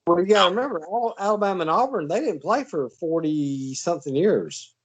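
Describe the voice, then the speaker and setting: A man's voice: high voice, lively intonation, fairly quick, breathy edge. A man hosting a casual football chat, telling long stories full of fillers and restarts. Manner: rambling storyteller with many fillers. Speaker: podcast host.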